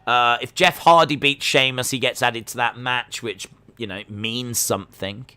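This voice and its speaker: A man's voice: medium pitch, fairly even intonation, moderate pace, sharp tone, clean tone. A man hosting a live watch-along stream, musing casually with lots of fillers and restarts. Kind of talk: live reaction commentary.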